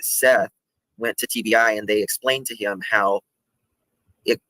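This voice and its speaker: Man, low-ish bright voice, halting explainer, dry close sound. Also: steady tone, dry recording, low-quality recording. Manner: halting, many restarts, walks through footage. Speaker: guest presenting a video. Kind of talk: casual explanation over video call.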